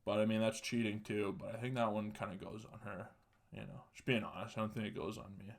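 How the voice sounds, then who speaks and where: A man's voice: on the low side, level tone, quick pace, gravelly. Joking, swearing young man telling stories. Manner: profane, joking, laughs mid-sentence. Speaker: podcast host. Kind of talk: casual solo podcast storytelling.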